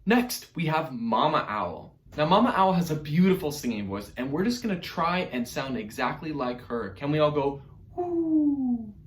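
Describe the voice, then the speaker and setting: A man's voice: a little high, animated, moderate pace, few pauses, echoey room, slight background noise. A man teaching an online music lesson to young children in an upbeat, encouraging way, speaking directly to his class.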